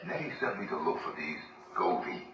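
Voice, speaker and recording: A terse, grim deep-voiced hero. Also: male voice, big pitch swings, brisk, distant mic, music in the background. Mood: curt. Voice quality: terse, curt delivery. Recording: echoey game audio with noise.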